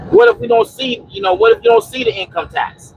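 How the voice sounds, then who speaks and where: A man's voice: very high-pitched, big pitch swings, a little fast, dull audio, slight background noise. A man hosting a casual trucker livestream from a truck cab, preaching about preparing and answering chat in a rambling, repetitive way on a phone mic. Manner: rambling with many restarts and "you know". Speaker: trucker and homesteading livestream host.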